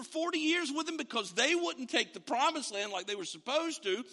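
A middle-aged male pastor preaches to his congregation in a high, piercingly bright voice. He tells stories, acts out their dialogue and puts questions to the room. His words ring out with a long reverb from the church hall. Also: big pitch swings, a little fast, hardly any pauses. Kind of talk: sermon.

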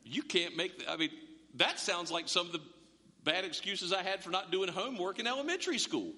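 A man preaching a sermon as pastor, conversational and humorous, telling the story with animated asides. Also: high-pitched, fairly quick. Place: church sanctuary. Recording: long echo of a large hall.

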